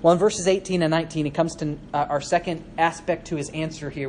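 A man's voice: on the high side, steady tone, fast, hardly any pauses, a little mellow, slight background noise. Conversational male preacher teaching scripture. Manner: conversational, asks the listeners questions and adds asides; acts out quoted speakers in changed voices. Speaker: preacher teaching a Bible passage. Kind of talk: sermon.

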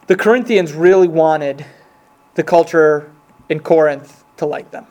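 A man's voice: a little high, measured pace, a little mellow. A man preaching a sermon in an earnest, conversational way, reading scripture aloud with emphasis. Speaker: pastor.

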